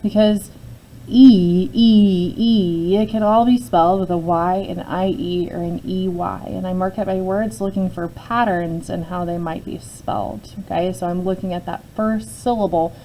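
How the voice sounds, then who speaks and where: Brief: woman teacher, lower mellow voice, patient step-by-step phonics lesson, faint noise behind. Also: fairly even intonation, normal speed, few pauses, rough recording. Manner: patient, explains step by step with frequent "okay?" check-ins. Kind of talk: phonics lesson, talking through a word sort.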